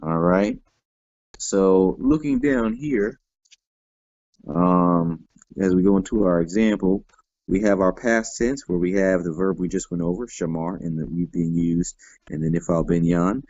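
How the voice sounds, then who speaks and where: Slow, deep-voiced man teaching grammar. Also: fairly even intonation, a little mellow, no echo. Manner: patient, explains step by step, many "all right" fillers. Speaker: Hebrew teacher. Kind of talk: classroom grammar lesson. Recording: dull lo-fi dry sound.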